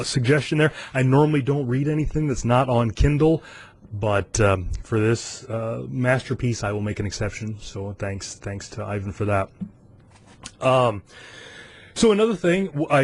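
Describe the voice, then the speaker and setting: A man in his forties from the United States hosts his podcast alone, chatting casually and amusing himself. His voice sits in an ordinary middle range, and he loosens up with frequent fillers and quick chuckles. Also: medium pitch. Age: 40s. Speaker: podcast host. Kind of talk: casual solo podcast chat.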